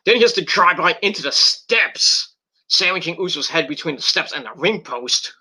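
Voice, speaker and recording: Bright, rambling man recapping wrestling. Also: fairly high pitch, animated, normal speed, slightly rough. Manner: rambling, profane, with many fillers and restarts. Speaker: wrestling reviewer. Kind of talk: casual recap and commentary.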